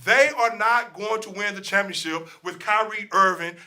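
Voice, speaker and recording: A man with a high, sharp, very bright voice, hosting a sports talk show. He rants his opinions hard, swears freely and circles back to the same points. His delivery is heated and talky. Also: moderate pace. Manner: opinionated, ranting, profane, repeats himself.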